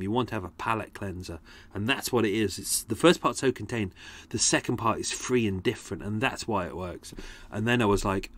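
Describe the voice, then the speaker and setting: Rambling, sweary podcast host. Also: male voice, medium pitch. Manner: rambling, sweary and self-mocking. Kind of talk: casual chat.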